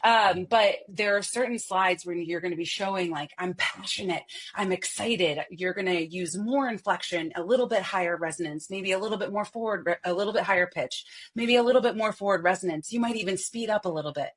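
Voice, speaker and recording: A woman's voice: mid-range voice, fairly quick, hardly any pauses, slightly rough. A woman voice coach on a podcast, speaking expressively and showing how to shift her voice. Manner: expressive, demonstrates vocal styles. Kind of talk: podcast interview.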